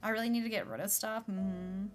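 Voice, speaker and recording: A woman's voice: medium pitch, steady tone, fairly quick, soft background music. A young adult woman streaming a game, chatting casually and filling her speech with "like". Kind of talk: casual chat while playing a game.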